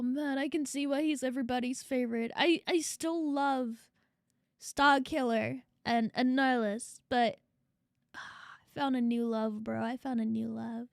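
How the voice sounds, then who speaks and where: A woman's voice: sits high, gravelly, no room sound, studio quality. A woman VTuber streaming a casual reaction, emotional, laughing often and swearing freely.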